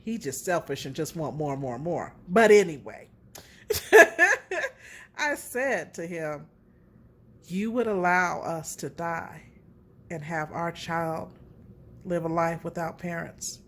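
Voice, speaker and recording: Candid, lower-voiced woman giving relationship talk. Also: measured pace, a little hiss or hum. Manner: candid, animated storytelling with laughs. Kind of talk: casual personal talk.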